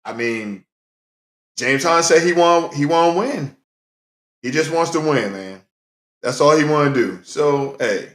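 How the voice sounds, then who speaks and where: This is a man's slightly high, animated voice, delivered a little slowly with frequent pauses. As host of his own casual solo talk show, he addresses viewers directly, greets them often, and repeats phrases for emphasis, all in a roomy, echoing space.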